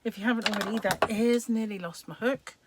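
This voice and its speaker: A middle-aged woman, slightly hoarse and croaky, chatting casually on a live stream, rambling and greeting viewers by name. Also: mid-range voice, brisk, noisy background.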